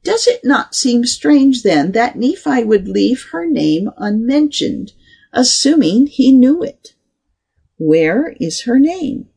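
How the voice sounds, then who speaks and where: A reader reading a scholarly article aloud, saying the quote marks and punctuation out loud. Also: medium pitch, very animated, slow pace, gravelly, husky.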